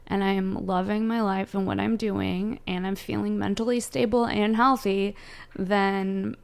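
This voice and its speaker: A young woman comedian from Southern California, chatting casually and ranting in a brash, profane way with sudden loud jumps. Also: mid-range voice, creaky. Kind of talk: casual chat, answering viewer questions.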